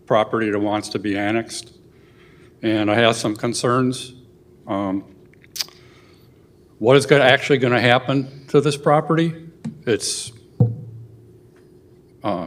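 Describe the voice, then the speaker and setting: An older man giving a public comment at a city meeting, earnest and halting, getting emotional at times. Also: mid-range voice. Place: city council chamber.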